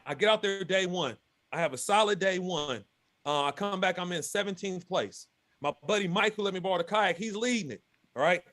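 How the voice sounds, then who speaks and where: High-voiced man telling a lively story. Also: brisk. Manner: lively, acts out quotes of others. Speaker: guest angler telling his story. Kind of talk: animated storytelling.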